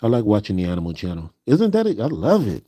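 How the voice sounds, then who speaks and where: A man's voice: lowish voice, huge pitch swings, fast, dark tone, no echo, studio quality. A man chatting casually on his live stream, rambling and musing aloud with frequent "you know"s.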